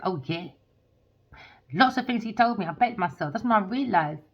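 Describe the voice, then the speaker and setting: A woman's voice: mid-range voice, lively intonation, moderate pace, breathy edge. A woman, a tarot reader ranting heatedly and swearing in a monologue. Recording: dull lo-fi recording.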